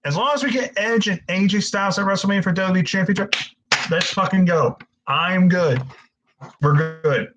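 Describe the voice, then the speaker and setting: A man's voice: sits high, moderate pace, lo-fi sound, noisy background. A young man hosting a casual live-stream Q&A, frustrated and stammering, swearing often as he answers viewers.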